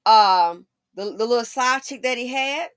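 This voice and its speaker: This commentary channel host has a high, bright, pushed voice and talks a little fast, dishing out sassy, emphatic opinions about celebrities with mocking asides. The recording is clean studio quality with no echo.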